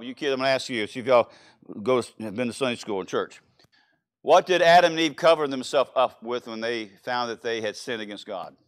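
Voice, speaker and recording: A man with a Louisiana accent preaching a sermon in a church, animated and quizzing the congregation with questions. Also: medium pitch.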